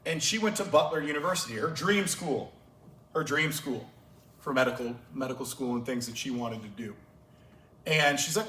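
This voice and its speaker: A man's voice: mid-range voice, normal speed, bright, forceful tone, slight background noise. Passionate man coaching clinic talk, echoey. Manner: passionate storytelling, gets emotional. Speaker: track and field coach. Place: large conference room. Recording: echoey room, voice far from mic.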